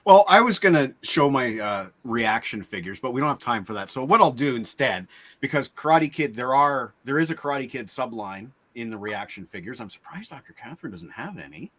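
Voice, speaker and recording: A man's voice: medium pitch, expressive, a little fast, fairly bright tone. A man hosting a casual chat over a video call, upbeat and joking. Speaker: host.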